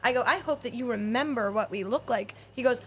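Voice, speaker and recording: A woman in her forties co-hosting a podcast, telling animated stories in casual chat, acting out quoted voices, swearing and laughing often. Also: fairly high pitch, a little fast, slight background noise. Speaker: podcast co-host.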